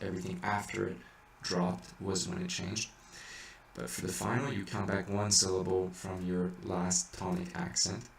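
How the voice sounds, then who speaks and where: Deep gravelly man teaching chant. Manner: thinks aloud, hesitant with many restarts, breaks into sung examples. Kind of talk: informal music lesson. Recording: echoey room, mic at a distance, faint hiss.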